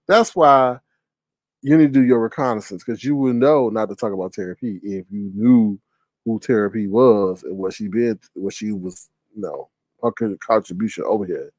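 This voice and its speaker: A man hosting a drama commentary vlog, telling stories in an animated, mocking way. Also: on the low side, brisk, dry recording. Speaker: host.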